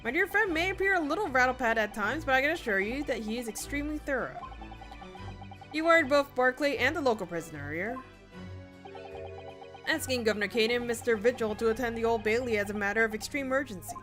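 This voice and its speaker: A woman's voice: fairly high pitch, expressive, fairly quick, a bit bright, faint music behind. A woman voicing a polite, earnest young female assistant in a video game, with formal courteous phrasing.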